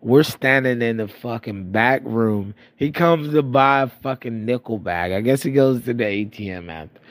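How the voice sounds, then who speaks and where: A man's voice: mid-range voice, normal speed, no echo. A man in his thirties from Florida, telling rambling, profane stories about his past in a casual monologue, a bit stuffy-nosed. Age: 30s. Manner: profane, rambling, laughing at himself. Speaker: storyteller.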